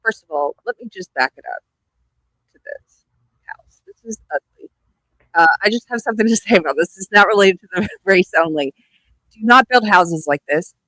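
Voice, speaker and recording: A woman's voice: mid-range voice, normal speed, long pauses, no echo. Laughing woman host, dry close sound. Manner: laughing often, ranting, animated. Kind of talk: casual live-stream chat.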